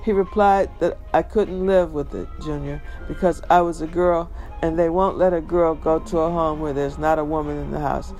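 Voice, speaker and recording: A man's voice: a little high, steady tone, moderate pace, darkish tone, faint music behind. A man reading a memoir aloud in an emphatic, conversational storytelling manner. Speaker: reader.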